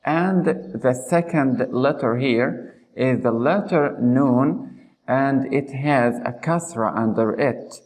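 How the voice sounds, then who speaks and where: A man teaching how to pronounce letters, speaking slowly and deliberately, repeating example words and checking in with "okay?". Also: mid-range voice, darkish tone, poor audio. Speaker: Quran recitation teacher. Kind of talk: slow explanatory lesson.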